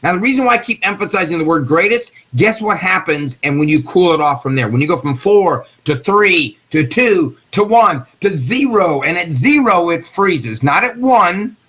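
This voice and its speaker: Chemistry teacher, middle-aged man, folksy and jokey, lively sing-song delivery, husky voice on a dull classroom recording. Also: sits high, normal speed, few pauses. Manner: folksy, jokey, talks to students by name. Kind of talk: classroom lecture.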